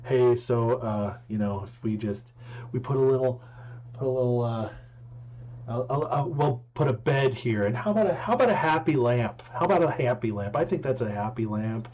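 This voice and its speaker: A man putting on the voice of a soft-spoken, gentle male TV painter, talking in a slow, hushed, soothing way. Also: medium pitch, expressive, lightly acted. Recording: dull lo-fi with faint hum.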